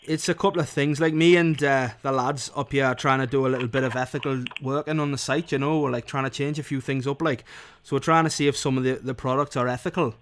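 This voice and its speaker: A man's voice: mid-range voice, steady tone, quick pace, a little hiss or hum, close to an everyday voice. A man voicing a cheerful male plasterer on a prank phone call, with a put-on Geordie accent that keeps slipping. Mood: chummy. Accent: put-on Geordie drifting toward Liverpool.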